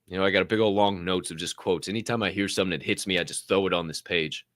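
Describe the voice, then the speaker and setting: A young man giving a motivational podcast monologue as co-host, animated and profane, jumping from loud outbursts to low muttered asides. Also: fast talker, no room sound, clean studio sound.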